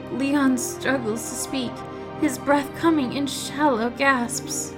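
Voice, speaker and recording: A woman's voice: high voice, fairly even intonation, takes it slowly, music in the background. A woman hosting a game let's play, reading the story aloud and commenting emotionally, tearful, stammering and laughing.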